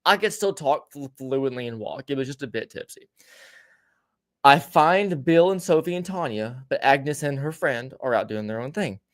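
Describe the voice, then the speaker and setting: A man's voice: mid-range voice, lively intonation, moderate pace. Swearing, rambling male podcast host. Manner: profane, rambling, frequent restarts. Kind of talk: casual storytelling chat.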